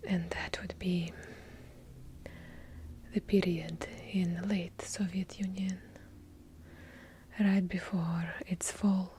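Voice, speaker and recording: A woman's voice: on the low side, flat delivery, slow, long pauses, noisy background. A woman with a heavy Russian accent whispering ASMR trigger words, drawing out each repeated word and slipping in wry asides. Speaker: ASMR creator. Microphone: handheld field recorder.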